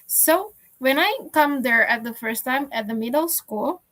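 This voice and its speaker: A young woman from Indonesia telling a personal story in a class discussion, speaking haltingly with frequent restarts. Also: sits high, a bit bright. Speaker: student.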